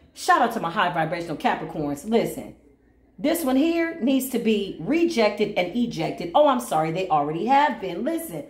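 A woman giving a spiritual reading to camera in a casual, sassy, confrontational and preachy way. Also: mid-range voice. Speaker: spiritual reader. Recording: roomy echo.

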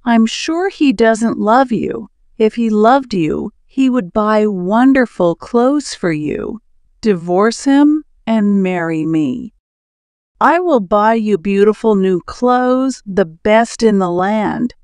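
A woman's voice: mid-range voice, expressive, slow pace, darkish tone, clear, resonant tone, no room sound, studio quality. A woman reading the lines of a rich, handsome man in a storybook tale, coaxing in her own plain reading voice.

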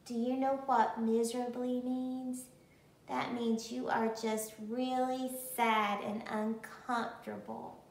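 A woman teacher reading a picture book aloud to young children. She reads expressively and stops to ask them questions. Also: fairly high pitch. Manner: slow, expressive, with pauses and questions. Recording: roomy, from a distance.

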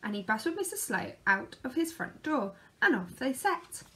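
A woman reading a children's picture book aloud in a lively, expressive way. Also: sits high, moderate pace. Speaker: storyteller.

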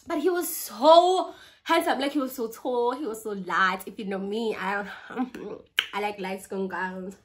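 A young South African woman in her twenties, a vlogger, tells a story casually over a meal, eating as she talks. Her medium-pitched voice is unhurried, and she switches languages mid-sentence while battling a flu and a cough.

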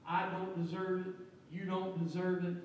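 A man's voice: sits high, monotone, normal speed, a little hiss or hum. A man preaching a sermon as pastor, stressing his points with repeated words and frequent amens. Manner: preaching with emphatic repetitions and amens. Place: church sanctuary. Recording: echoey church from a distance.

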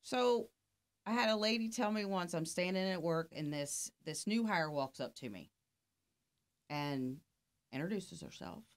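A woman's voice: on the low side, lively intonation, a little slow. A middle-aged woman, a life coach, telling a story in casual conversation and acting out both sides of the dialogue. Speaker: podcast guest, life coach.

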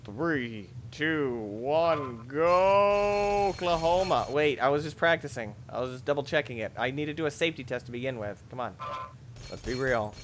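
A young man giving excitable, jokey commentary over a video game, bursting into shrieks and yells. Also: mid-range voice, quick pace, slight background noise. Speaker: gameplay commentator. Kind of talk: let's play commentary.

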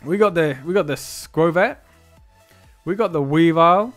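A man chatting casually on a live stream as he opens card packs, excitable and quick to laugh, sometimes trailing off into quiet asides. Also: on the high side, soft background music. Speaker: streamer opening trading card boxes.

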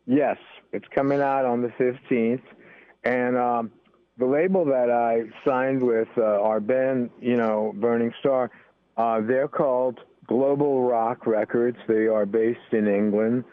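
A man's voice: mid-range voice, fairly even intonation, takes it slowly, no echo. An older American man, a guest musician, chatting casually and rambling with many fillers. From United States. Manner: rambling, full of "you know" fillers. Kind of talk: casual interview talk. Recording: tinny phone-line sound.

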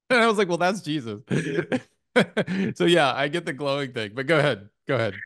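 A man hosting a podcast, sharing his own story in a hesitant way with many pauses and restarts. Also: fairly high pitch, big pitch swings, fairly bright tone, no room sound, studio quality. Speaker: podcast host. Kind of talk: casual interview chat.

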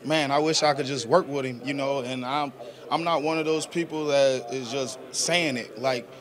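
A man's voice: medium pitch, steady tone, normal speed, crowd noise. A young man, a football player answering press questions in an earnest, casual, slangy way. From South Georgia, US. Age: 20s.

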